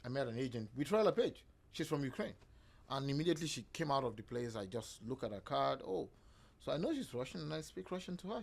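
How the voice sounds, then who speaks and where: A man's voice: medium pitch, big pitch swings, fast talker, gravelly. A man from Nigeria, a podcast guest telling stories and acting out other people's lines in quoted voices. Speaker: podcast guest, real estate agent. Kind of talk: casual storytelling conversation.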